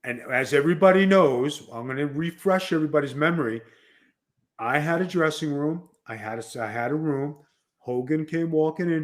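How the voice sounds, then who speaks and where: A man's voice: fairly high pitch, normal speed. A man with a New York accent hosting a wrestling podcast, telling stories and acting out the people he quotes. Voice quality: animated storyteller who acts out quoted dialogue. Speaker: podcast host and former wrestler. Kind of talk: casual storytelling chat.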